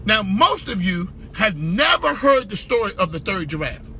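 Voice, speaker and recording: Male motivational speaker; piercingly bright, high voice, emphatic repetition, punchy shouts. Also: very animated, moderate pace, slight background noise. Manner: preacher-like call-and-response. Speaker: business speaker. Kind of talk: motivational talk.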